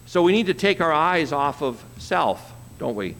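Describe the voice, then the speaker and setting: A man preaching a sermon, reading scripture slowly and commenting on it with an easy chuckle. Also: a little high, sing-song, creaky, a bit bright, big-room sound, slight background noise. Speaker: pastor.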